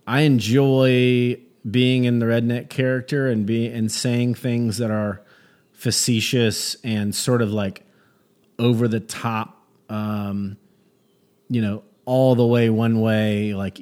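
A man who does stand-up comedy, a guest in a casual conversation, telling stories in a lively way with many restarts and false starts. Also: lowish voice. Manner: animated storyteller, many restarts.

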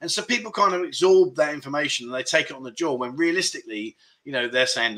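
A man's voice: fairly high pitch, fast, few pauses, fairly bright tone. A man hosting a casual livestream chat, reading out viewer comments and chatting about them. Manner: chatty, reads out chat comments, frequent fillers. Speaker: livestream host.

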